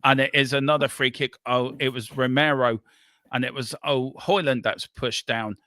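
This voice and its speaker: Host, male, bright and dry-toned, excitable live match caller. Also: mid-range voice, moderate pace, no echo. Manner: excitable, running commentary with banter. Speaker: watchalong host. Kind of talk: live football play-by-play.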